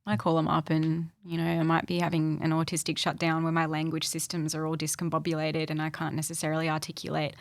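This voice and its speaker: Low-voiced Australian woman, thoughtful. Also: monotone, no echo. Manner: thoughtful, halting, with frequent restarts. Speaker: guest. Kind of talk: candid personal conversation.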